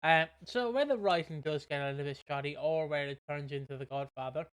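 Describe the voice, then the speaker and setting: A man's voice: a little high, brisk, fairly bright tone, smooth, dry recording. Casual British man recapping a soap. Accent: British English. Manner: rambling, swears casually, acts out quotes. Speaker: podcast co-host.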